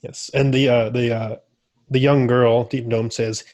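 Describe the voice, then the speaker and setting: A man narrates as game master for a tabletop game on a livestream. He talks casually and rambles, laughing often, and his voice sits at a middle pitch. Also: flat delivery, a little slow, a little mellow.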